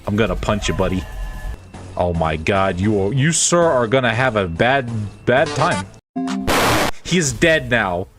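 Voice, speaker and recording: A man's voice: fairly low pitch, measured pace, pauses often, music in the background. A man streaming a game, cracking jokes and reading its dialogue aloud with silly put-on voices. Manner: animated, jokey, breaks into silly voices.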